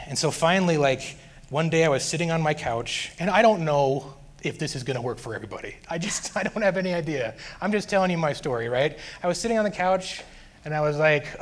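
A man earnestly sharing a personal faith testimony, growing animated as he recounts his frustration. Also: on the high side, a little fast.

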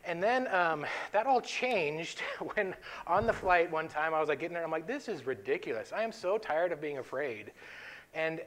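A man from North Dakota co-hosting a faith-based talk, telling a story with lively voice play and frequent laughs. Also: sits high. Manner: animated storyteller, laughs often. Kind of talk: faith-based podcast chat.

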